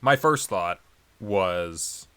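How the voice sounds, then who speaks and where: A man's voice: low-pitched, lively intonation, very slow, fairly bright tone, clean tone. A man co-hosting a casual podcast chat, rambling with lots of fillers and frequent laughs. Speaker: podcast co-host.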